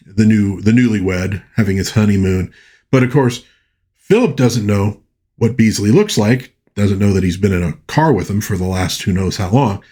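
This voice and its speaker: Husky-voiced man chatting about a movie. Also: fairly low pitch. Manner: chatty, animated, lots of you-knows and restarts. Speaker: movie reviewer. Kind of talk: casual retelling of a film plot.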